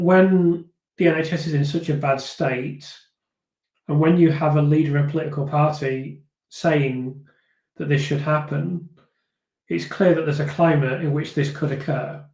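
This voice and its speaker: Thoughtful British-based man, slightly high voice. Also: a little mellow. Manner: thoughtful, hesitant, many fillers and restarts. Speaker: host of a live viewer discussion. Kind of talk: casual live-stream chat reading viewer comments. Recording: echoey room.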